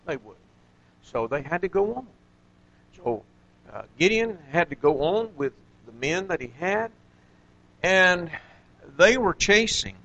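A man's voice: fairly high pitch, a bit bright. A man teaching an informal Bible study, talking conversationally with many fillers and questions to his listeners. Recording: dull lo-fi recording.

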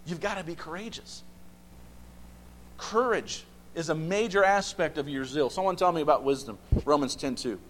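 A man's voice: a little high, normal speed, a little hiss or hum. A man leading a Bible study, asking the group questions and repeating phrases for emphasis. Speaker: Bible class teacher.

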